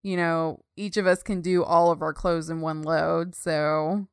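Giggly woman cohosting a podcast, smooth clear voice, dry close mic. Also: a little slow, no room sound. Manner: giggly, chatty, squeals high when excited. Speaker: podcast co-host. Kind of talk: casual chat.

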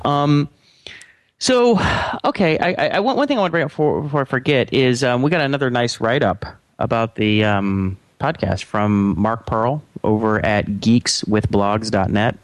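A man co-hosting a casual tech podcast, talking haltingly with many restarts and rambling asides. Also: medium pitch, no echo. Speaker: podcast co-host.

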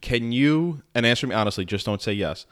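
A man's voice: mid-range voice, animated, brisk, fairly bright tone. A man hosting a podcast, talking casually and rambling with many fillers. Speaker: podcast host.

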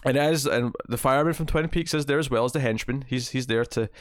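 A man co-hosting a podcast, recapping scenes in a rambling, animated way. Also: mid-range voice, fast, no echo, studio quality. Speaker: podcast co-host. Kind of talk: casual chat.

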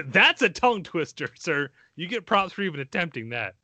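A male podcast host chatting with enthusiasm, rambling and doubling back on himself. His voice is bright and forward. The sound is dry and close to the mic. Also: fairly high pitch, sing-song, moderate pace, no echo. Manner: enthusiastic, rambling, self-deprecating. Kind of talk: casual podcast chat.

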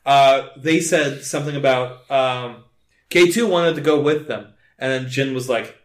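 A man's voice: medium pitch, unhurried. Man, casual podcast chat, swears a lot, laughs often, roomy echo. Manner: swears freely, laughs often, reads from notes. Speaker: podcast co-host.

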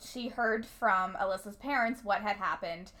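A woman's voice: mid-range voice, moderate pace, bright, forceful tone. A young woman co-hosting a casual recap chat, laughing often with candid asides.

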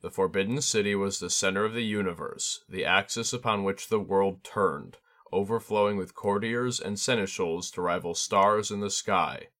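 A man reading a scripted story aloud as narrator, with even, measured storytelling. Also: lowish voice.

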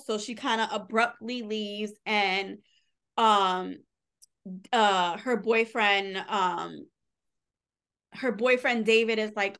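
A woman's voice: mid-range voice, takes it slowly, a bit bright, clear, resonant tone. A woman co-hosting a podcast, casually retelling a novel's plot in a chatty way, full of fillers and quoted dialogue. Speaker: podcast co-host. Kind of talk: casual book recap.

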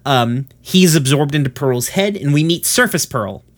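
A man's voice: a little high, expressive, moderate pace. A man casually retelling a cartoon episode in a rambling way, with lots of fillers and the odd swear word.

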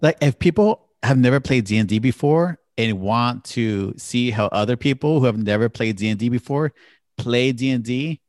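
A man's voice: mid-range voice, moderate pace, no room sound, studio quality. A man co-hosting a podcast in casual chat, talking enthusiastically and laughing often. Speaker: podcast co-host.

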